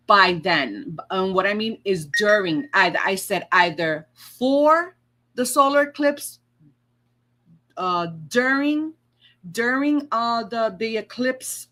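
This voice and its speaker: A woman's voice: mid-range voice, bright, forceful tone. A woman talking to her viewers as a tarot and astrology vlogger, in a chatty rambling monologue where she swears freely and acts out her own past remarks.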